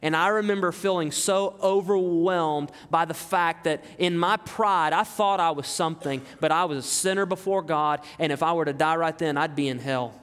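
A man's voice: fairly high pitch, moderate pace, few pauses, fairly bright tone, smooth. A man preaching a sermon as pastor, emphatic and repetitive, asking his listeners rhetorical questions. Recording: long hall reverb.

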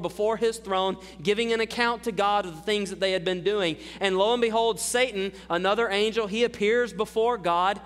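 A man's voice: sits high, a bit bright, in a large hall. A man preaching a sermon as a pastor, earnest and building in force as he reads scripture.

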